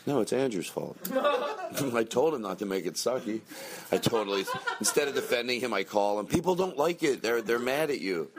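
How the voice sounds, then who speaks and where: A man hosting a comedy podcast, rambling and self-pitying, swinging into shouted rants. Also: medium pitch. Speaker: podcast host.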